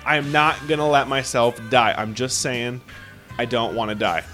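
A man's voice: medium pitch, moderate pace, a bit bright, faint music behind. A man co-hosting a casual couple podcast, talking in a profane, rambling, joking way. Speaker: podcast co-host.

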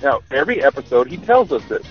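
A man's voice: mid-range voice, sing-song, fast, breathy edge, soft background music. A man ranting profanely in a voicemail message to a podcast. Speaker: voicemail caller. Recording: muffled voicemail recording.

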